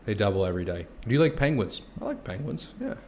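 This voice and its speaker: A man's voice: lowish voice, sing-song, fast talker, noisy background. Loose, joking young man. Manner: loose, joking, swears freely, bursts into loud shouts. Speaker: crypto streamer answering chat questions. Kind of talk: casual live-stream chat.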